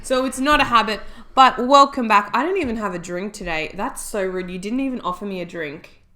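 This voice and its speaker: A woman's voice: mid-range voice, a little fast, pushed and bright. A woman co-hosting a casual podcast chat, teasing and mock-indignant. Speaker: podcast co-host.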